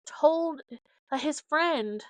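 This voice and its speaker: A young woman chats on her solo podcast, her voice sitting a little high and sounding dry and close. She rambles through her stories with plenty of fillers, in a loose, casual way. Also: drawn-out words, dry recording. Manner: rambling, filler-heavy storytelling. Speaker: podcast host. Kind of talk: casual chat.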